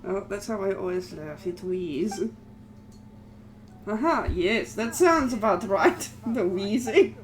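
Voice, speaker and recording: A woman's voice: medium pitch, animated, slow, slight background noise. A woman streaming a game, chatting playfully with a friend, joking and swearing. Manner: playful, swearing, laughing often. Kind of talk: casual gameplay chat.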